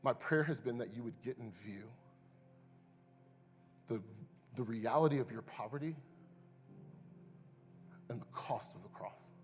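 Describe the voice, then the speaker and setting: A man preaching a sermon as pastor, moving between hushed asides and loud, impassioned climaxes. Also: mid-range voice, a little slow, pauses often. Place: church sanctuary. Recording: long reverb, faint music behind.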